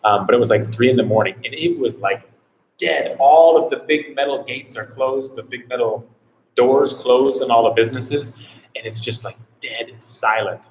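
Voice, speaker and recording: A man who hosts travel vlogs runs a casual live Q&A, rambling and filling his talk with "like" over and over. His voice is mid-range at a normal speed, and the low-quality recording carries a little hiss or hum.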